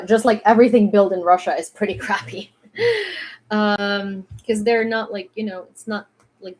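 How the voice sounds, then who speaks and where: Chatty Ukrainian woman streaming news. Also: medium pitch. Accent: mildly American-sounding English. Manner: chatty and rambling, many fillers. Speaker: news livestreamer. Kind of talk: casual news commentary stream.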